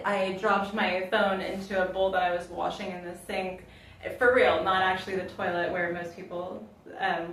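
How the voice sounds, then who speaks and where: Rambling, laughing woman in an echoey room. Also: medium pitch. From Florida, United States. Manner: rambling, swears casually, laughs often. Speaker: vlogger. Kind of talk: casual rambling chat. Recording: echoey room, mic at a distance.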